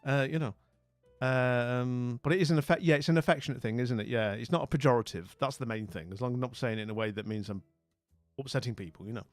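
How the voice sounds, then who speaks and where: A man's voice: mid-range voice, fast, dry recording, soft background music. A middle-aged man chatting casually with his stream's viewers, rambling with lots of fillers and restarts. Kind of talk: casual chat with viewers' comments.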